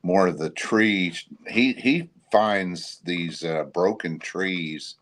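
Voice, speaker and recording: A man's voice: deep voice, slow pace, fairly bright tone. A man appearing as a podcast guest, speaking in casual chat with a hesitant, thoughtful way of talking.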